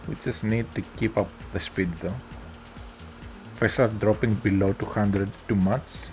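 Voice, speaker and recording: A man with a Greek accent, chatting casually with his viewers while streaming a racing game, in a relaxed, rambling way. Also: fairly low pitch, a little slow, soft background music. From Greece. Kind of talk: casual gameplay chat.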